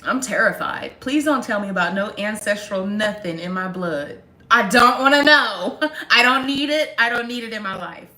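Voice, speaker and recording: Young woman, casual livestream chat, sarcastic, laughs a lot, bright voice, echoey room. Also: mid-range voice, expressive, moderate pace. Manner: sarcastic, laughs often, talks straight to viewers. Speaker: livestream host.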